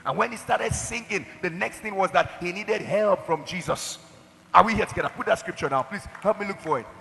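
A man delivers a sermon with forceful emphasis, his high voice gravelly and rough. His speech has a bright, cutting edge. The sound carries a long hall reverb. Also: brisk, slight background noise. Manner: emphatic preaching, shouted declarations and acted-out quotes. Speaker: pastor.

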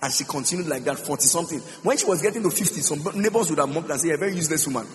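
A man's voice: fairly high pitch, animated, racing, slight background noise. A man preaching a sermon as pastor, emphatic, repeating phrases and singing some lines out. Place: church hall. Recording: reverberant hall with music behind.

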